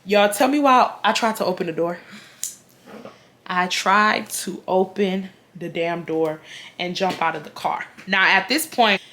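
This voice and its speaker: A young woman telling a storytime, chatty and slangy, with animated voiced quotes of the people in her story. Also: mid-range voice, a little slow. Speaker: vlogger. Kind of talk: casual storytime.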